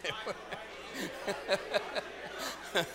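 A middle-aged man preaching a sermon, telling funny stories in an animated, joking manner. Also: sits high, drawn-out words, a loud crowd, heavy background noise. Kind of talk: sermon with humorous storytelling.

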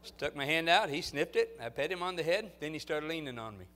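A male pastor telling stories in a sermon, moving from low, quiet storytelling to loud, fervent exhortation. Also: animated, fairly quick.

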